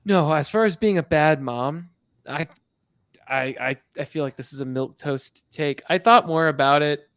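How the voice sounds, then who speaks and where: A man's voice: fairly high pitch, normal speed, fairly bright tone, clean tone, dry recording, studio quality. Teasing, rambling male podcast co-host. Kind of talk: casual chat.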